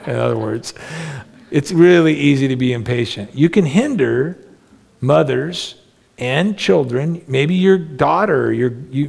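A man's voice: medium pitch, vocal fry, a little mellow. A middle-aged man preaching a sermon as pastor, earnest and conversational, with self-deprecating humor. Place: church sanctuary. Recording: long reverb of a large hall.

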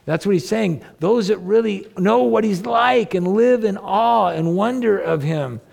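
A male pastor preaching a sermon with a strongly gravelly, crackling voice pitched a little above the usual for a man. He reads scripture aloud and turns to his listeners with earnest rhetorical questions. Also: measured pace, a little mellow.

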